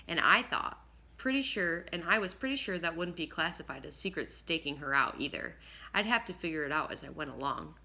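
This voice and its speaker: A woman narrating a first-person audiobook in a lively, expressive way, now and then slipping and rereading a line. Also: deep voice, fairly quick, gravelly. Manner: lively, expressive reading with occasional slips and rereads.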